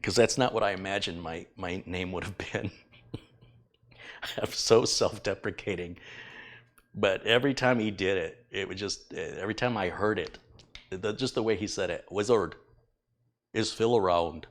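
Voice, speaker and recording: A man's voice: low voice, brisk, fairly bright tone. A middle-aged man chatting casually on a live tech stream, rambling and self-deprecating as he thanks viewers. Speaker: tech YouTuber reading donations.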